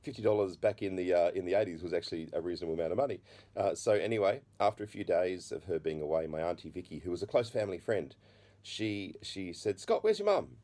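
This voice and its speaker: A middle-aged man sharing his personal testimony, halting with many restarts, and a slight cough. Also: low-pitched, dark tone. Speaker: speaker giving his testimony.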